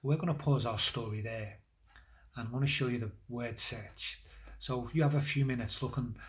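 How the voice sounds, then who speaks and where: Man telling a Bible story to children. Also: medium pitch. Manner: gentle, conversational storytelling with pauses and fillers; lively, building energy toward the climax of the story. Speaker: church children's leader.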